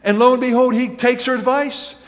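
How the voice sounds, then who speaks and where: A man's voice: very high voice, fairly even intonation, fairly quick. A male pastor preaching a sermon, telling stories animatedly with acted quotes and chuckles. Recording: long reverb of a large hall.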